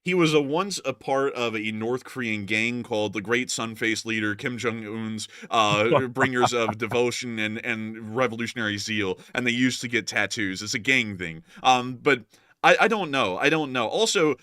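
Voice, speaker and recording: A man giving casual news commentary as host, animated with joking asides. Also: medium pitch, moderate pace, clean tone, no echo, clean studio sound.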